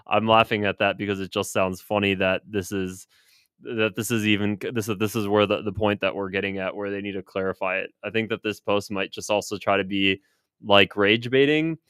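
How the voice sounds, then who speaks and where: A man's voice: lowish voice, steady tone, moderate pace, a bit bright, smooth, dry recording, studio quality. A man giving casual, rambling commentary on news clips, hesitant and full of restarts. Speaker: political commentator.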